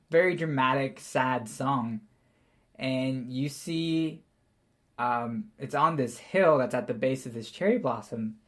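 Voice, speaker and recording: Male GM, loose rambling narration, quick to laugh. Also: medium pitch. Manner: casual, rambling, laughs often. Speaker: game master. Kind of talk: narrating a tabletop game.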